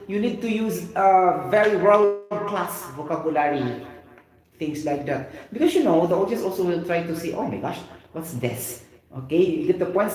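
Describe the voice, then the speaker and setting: Man, lecturer, animated and chatty, raised pitch, heavy room reverb. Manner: lively, mixes in Cebuano phrases, repeats "okay" and "you get the point". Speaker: teacher. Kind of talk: classroom lecture. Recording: very echoey room.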